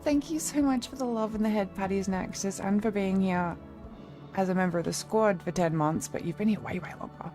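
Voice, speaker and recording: A woman's voice: medium pitch, fairly quick, dark tone, soft background music. A young woman streamer in a casual live-stream chat, rambling along and thanking her viewers by name.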